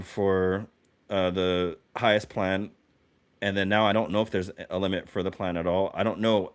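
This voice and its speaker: A man co-hosting a podcast in casual chat, talking excitably and restarting his sentences often. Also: lowish voice. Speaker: podcast co-host.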